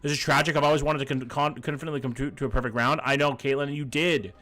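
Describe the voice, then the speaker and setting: A man's voice: medium pitch, fairly even intonation, quick pace, bright, forceful tone. A man streaming a geography game, chatting casually and reading chat aloud, swearing freely, a little sick. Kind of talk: casual live-stream chat while gaming.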